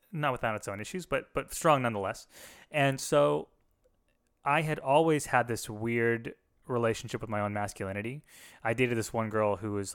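A man's voice: lowish voice, fairly bright tone, smooth. A man, a former pastor, talking candidly and reflectively in a casual conversation, with frequent restarts. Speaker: podcast co-host, former pastor.

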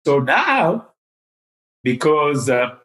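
An older man recounts a story from his past as an interview guest. His voice sits a little high for a man, and he speaks haltingly, with frequent fillers and restarts. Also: big pitch swings, fairly bright tone. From Tanzania. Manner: hesitant, with many fillers and restarts. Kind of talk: storytelling in conversation.

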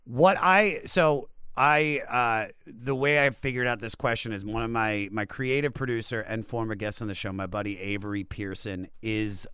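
A male podcast host with a smooth, crisp voice that sounds dry and close. He jokes around and laughs easily with his guest. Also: lowish voice, normal speed, few pauses, sharp tone, no echo. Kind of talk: casual podcast interview.

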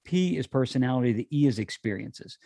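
A man's voice: mid-range voice, expressive, fairly quick, creaky, dark tone, no echo. Encouraging male host, dry room. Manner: encouraging, with frequent affirming interjections. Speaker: podcast host. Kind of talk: interview questions.

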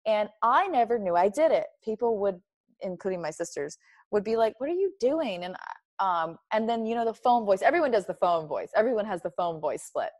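A woman's voice: medium pitch, lively intonation, brisk, no echo. Candid, emphatic woman with dry sound. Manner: reflective, emphatic, laughs easily. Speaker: interview guest. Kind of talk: candid personal conversation.

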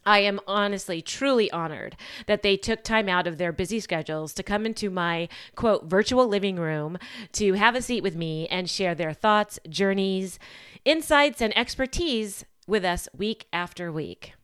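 Gushing woman podcast host, smooth voice. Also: medium pitch, normal speed, fairly bright tone. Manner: gushing, enthusiastic, with fillers and restarts. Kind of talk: solo podcast monologue. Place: home.

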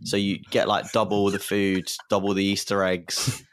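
A young man on a casual podcast, explaining in halting, rambling bits with many restarts. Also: on the low side, monotone. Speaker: podcast co-host.

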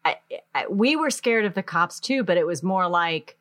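A woman's voice: lowish voice, lively intonation, normal speed, a bit bright. A woman in casual conversation reflecting on her own experience, talking loosely with many "like"s.

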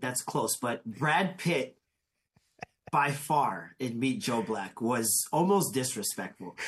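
A man speaking as a guest on a radio panel, expressive and quick to laugh. His pitch moves a lot as he talks. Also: slight background noise. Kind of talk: panel discussion.

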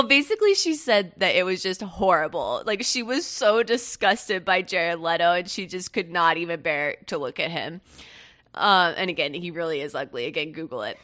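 Young woman, podcast host, bright tone, casual pop-culture chat, chatty. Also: fairly low pitch. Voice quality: bright, chatty, laughs often.

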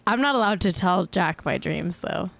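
This podcast host, a woman in her thirties from California, rambles through celebrity news on a live stream, giggling and making fun of herself. Her fairly low voice is animated and a bit bright, with vocal fry, at a moderate pace.

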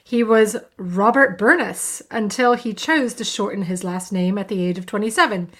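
A woman's voice: medium pitch, normal speed. A woman co-hosting a scripted book podcast, teasing her partner in a dry way. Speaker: podcast co-host.

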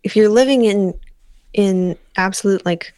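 A woman co-hosting a podcast, talking through her thoughts slowly and searching for the right words. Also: medium pitch, dark tone, no room sound. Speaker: podcast co-host. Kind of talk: casual discussion.

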